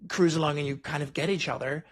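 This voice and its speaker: Man, podcast host, rough gravelly tone, breathy, reflective storyteller. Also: on the high side, steady tone, quick pace. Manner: reflective, storytelling, frequent "like" and "right?". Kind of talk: conversational interview.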